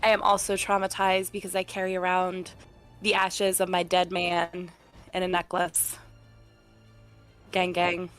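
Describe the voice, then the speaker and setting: Slow-talking, relaxed woman player. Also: lowish voice, faint music behind. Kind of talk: casual game chat.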